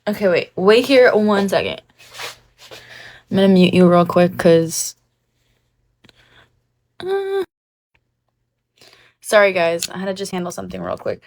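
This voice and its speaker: Young woman streamer, casual and giggly, curses freely, mid-pitched, phone mic at home. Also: very animated, measured pace, creaky, long pauses, a little mellow, a little hiss or hum, poor audio. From United States. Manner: giggly, chatty, swears freely. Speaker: livestreamer. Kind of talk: casual livestream chat.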